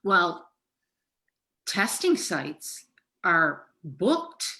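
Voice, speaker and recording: A woman's voice: fairly low pitch, very animated, drawn-out words, pushed and bright. A middle-aged woman therapist talking frankly and emotionally on a podcast, swearing freely. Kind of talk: casual podcast conversation.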